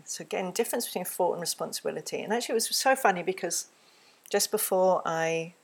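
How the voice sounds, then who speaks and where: A woman giving a gentle, earnest solo talk on parenting, recorded close to the microphone and slipping into a soft, soothing tone when she models what to say to a child. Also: fairly low pitch, fast, vocal fry, slightly rough. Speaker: parenting teacher. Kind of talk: reflective spoken talk.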